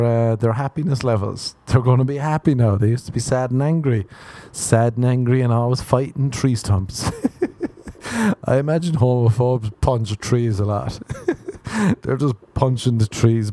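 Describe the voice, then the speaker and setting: Mellow-voiced man rambling crude podcast jokes. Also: medium pitch, normal speed. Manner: crude, meandering, chuckles at own jokes. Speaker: podcast host. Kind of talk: rambling solo comedy podcast monologue.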